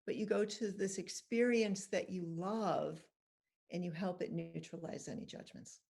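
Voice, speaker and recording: A woman's voice: lowish voice, unhurried, creaky, darkish tone, husky. A middle-aged woman guest patiently explaining, step by step, how to handle judgment. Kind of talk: calm guided instruction and anecdotes.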